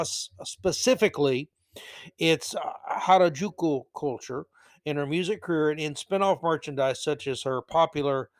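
A man's voice: a little high, dry recording. A man hosting a solo opinion podcast, ranting bluntly and sarcastically and throwing in corny jokes. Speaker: podcast host.

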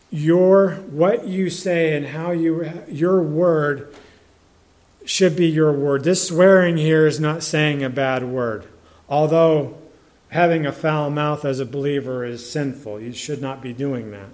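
Preacher, male, slightly higher-pitched voice, loose and chatty delivery full of restarts. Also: darkish tone. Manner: conversational, halting, many restarts and fillers; reads scripture in older English. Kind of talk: sermon.

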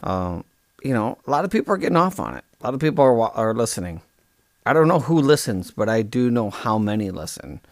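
A man hosting a comic podcast, rambling deadpan and correcting himself mid-sentence. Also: mid-range voice, fairly quick, dry recording. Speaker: podcast host.

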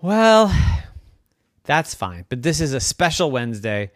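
A storyteller voicing a hesitant schoolteacher in a bedtime story, speaking softly and gently. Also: mid-range voice, very animated, a little slow, no echo, clean studio sound. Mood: patient. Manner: soft, hesitant, with sighs.

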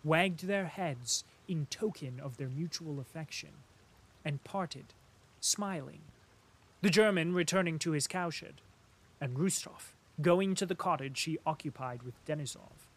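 A man reads a classic novel aloud in a slow, measured way. His voice sits somewhat high for a man and stays steady through the narration. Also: breathy edge. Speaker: audiobook narrator. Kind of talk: scripted narration.

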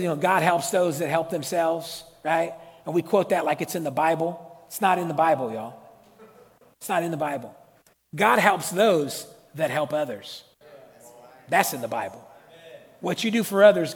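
Middle-aged male pastor, slangy lively sermon, fairly high husky voice, hall echo. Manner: lively, conversational preaching with slang and call-outs. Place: church hall. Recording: long hall reverb.

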